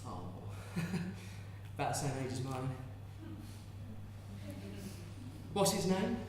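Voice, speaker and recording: A man's voice: mid-range voice, big pitch swings, normal speed, background noise, natural voice. A man performing a distraught young peasant mother clinging to her baby, in a tender, cooing and fervent stage monologue. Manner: tender, cooing and fervent, bursting into shouted curses. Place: large theatre hall. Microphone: distant stage mic. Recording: echoey hall from far off.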